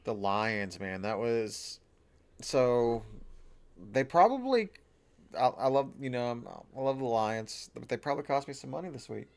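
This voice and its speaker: A man's voice: medium pitch, lively intonation, unhurried, vocal fry, clear, resonant tone. A man co-hosting a casual sports podcast over drinks, loose and swearing, laughing often. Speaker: podcast co-host.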